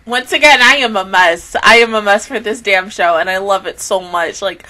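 A woman's voice: mid-range voice, normal speed, sharp tone. A woman hosting an anime reaction review, talking emotionally and swearing often, her voice tearful and near crying.

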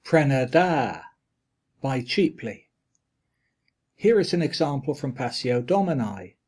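A man reading a linguistics lecture aloud, with a deliberate, measured delivery of quoted examples and their glosses. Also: mid-range voice, very animated, darkish tone, breathy edge.

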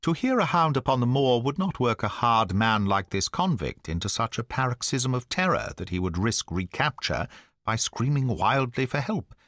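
A man reading the part of a sharp-minded male detective in an audiobook, speaking in crisp, urgent deductions. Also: mid-range voice, sing-song, moderate pace, no room sound, clean studio sound.

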